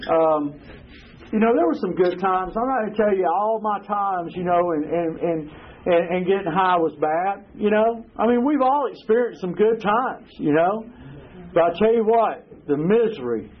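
A man's voice: sits high, expressive, normal speed. A man giving his personal testimony at a recovery meeting, rambling and earthy, leaning on "you know". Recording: tinny phone-like recording with faint hiss.

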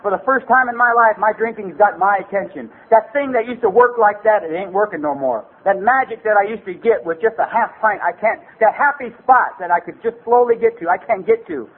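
A man's voice: high-pitched, a little fast, few pauses, slightly rough. A man in his forties telling his story at a recovery meeting, rambling and streetwise, with "you know" every few words. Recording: tinny lo-fi tape with faint hiss.

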